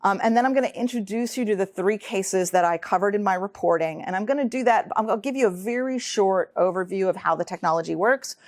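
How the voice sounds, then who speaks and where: A middle-aged American woman giving an earnest lecture, full of ums, speeding up when excited. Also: medium pitch, no echo, clean studio sound. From United States. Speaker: guest speaker. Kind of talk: lecture talk.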